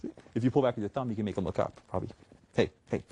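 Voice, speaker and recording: A man's voice: on the low side, racing, dark tone, slight background noise. A man doing comic stage patter as a magician, playful and chuckling between jokes.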